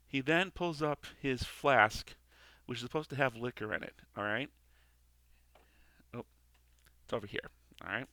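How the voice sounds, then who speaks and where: A man casually reviews a TV episode in a sharp-toned, medium-pitched voice at a measured pace, pausing often. His commentary rambles with many restarts and tag questions, and he keeps saying "okay" and "all right." The recording is dry.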